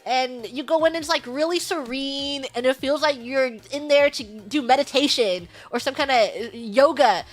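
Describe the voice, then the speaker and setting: A woman streamer telling a story in casual chat, animated, laughing often and acting out the lines she quotes. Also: sits high, moderate pace, few pauses.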